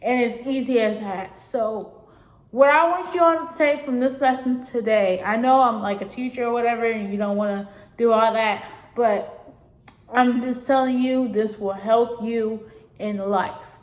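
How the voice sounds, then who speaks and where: A teenage girl talks straight to her viewers, circling back over the same points in an earnest, rambling way. Her voice sits a little high, and the room around her gives it a noticeable echo. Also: unhurried. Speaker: vlogger giving advice. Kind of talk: casual spoken advice. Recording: echoey room.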